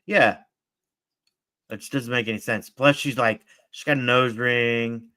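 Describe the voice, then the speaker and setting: A man's voice: mid-range voice, fairly even intonation, measured pace, pushed and bright, no echo. A man hosting a casual podcast, chatting in a laid-back, rambling way that often trails off. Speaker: podcast host. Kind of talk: casual chat reacting to trailers.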